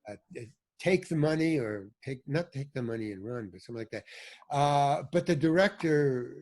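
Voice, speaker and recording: A man, an older actor, telling animated stories as a podcast guest and acting out what others said. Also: medium pitch, normal speed. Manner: animated storyteller, acts out quoted voices. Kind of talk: storytelling in a podcast interview.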